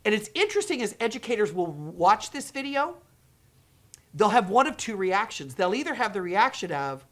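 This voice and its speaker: Animated woman educator speaking to camera. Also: medium pitch, moderate pace. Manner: dramatic, acts out quoted reactions with gasps and whispers. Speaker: educator running her own company and channel. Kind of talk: direct-to-camera talk.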